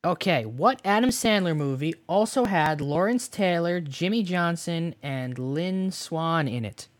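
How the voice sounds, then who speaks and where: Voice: mid-range voice, expressive, measured pace, dry recording. A podcast co-host, blunt and teasing, leading the segments in casual banter. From Canada (Toronto).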